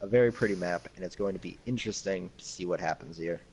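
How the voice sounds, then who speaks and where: Male esports caster, fairly low voice, relaxed and dry-humored play-by-play. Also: fast, creaky, husky, poor audio. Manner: laid-back, dry joking. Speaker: esports commentator. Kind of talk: casual live esports commentary.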